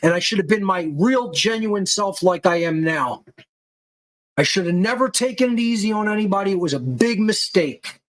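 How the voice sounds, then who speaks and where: A man's voice: high-pitched, low-quality recording. Profane, berating male podcast host. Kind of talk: angry monologue rant.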